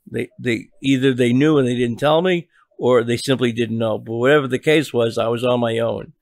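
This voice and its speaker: Older guy telling an old story on a podcast, gravelly, lots of stops and restarts, dry close sound. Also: mid-range voice, steady tone, a little mellow, no room sound. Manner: halting, many restarts and repeated words. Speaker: interview guest, journalist.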